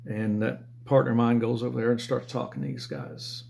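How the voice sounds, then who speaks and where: Southern man, former salesman, gravelly, blunt, profane, mid-pitched. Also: level tone, a little fast, darkish tone. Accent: Southern American. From Southern United States. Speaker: former car and motorcycle salesman. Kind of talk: casual storytelling monologue.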